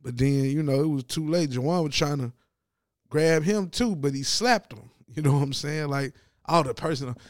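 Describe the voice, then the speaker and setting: A man giving a casual, profane sports commentary rant, animated and mocking as he talks. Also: a little high, moderate pace, dry recording, clean studio sound.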